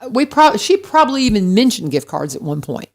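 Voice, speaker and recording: A woman co-hosting a radio talk show, telling a story in a lively, self-deprecating way and speaking straight to the listeners. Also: mid-range voice, brisk, gravelly. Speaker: radio co-host. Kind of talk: casual chat.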